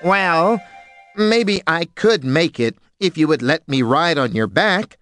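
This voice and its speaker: A man putting on a high cheeky monkey. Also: expressive, slow pace, fairly bright tone. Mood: sly. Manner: high, sly and playful. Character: clever cheeky male monkey, mischievous trickster. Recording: music bed underneath.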